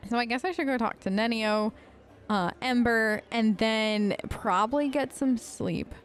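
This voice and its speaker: Casual let's-play host, woman, higher voice, chatty, faint music under. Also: a little slow. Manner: chatty, thinking aloud, giggly asides. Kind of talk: casual gameplay commentary.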